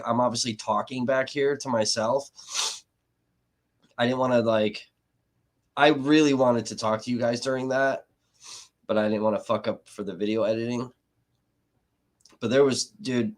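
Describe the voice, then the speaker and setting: A man's voice: mid-range voice, a bit bright. Profane, rambling male live streamer. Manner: profane, rambling, sarcastic, with frequent restarts. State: sniffly from allergies. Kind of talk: casual live stream commentary.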